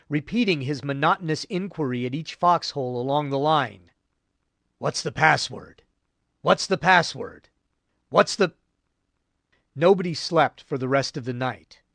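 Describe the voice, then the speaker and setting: A man narrating a war history audiobook in a measured, grave storytelling voice. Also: fairly high pitch, a bit bright, dry recording. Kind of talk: scripted narration.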